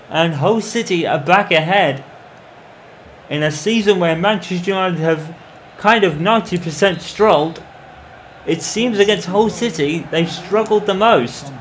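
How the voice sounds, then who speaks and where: A man commentating on his own football video game in the manner of a match broadcaster, calling the play and getting loud at goals. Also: high voice, normal speed, slight background noise. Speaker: gaming commentator. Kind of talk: mock football match commentary over gameplay.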